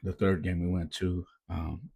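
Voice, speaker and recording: A man's voice: low voice, little pitch movement, a little slow, creaky, dark tone, husky. A man who coaches youth baseball and hosts a podcast, telling stories in a laid-back, earnest way and often saying "man". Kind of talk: casual reflective storytelling.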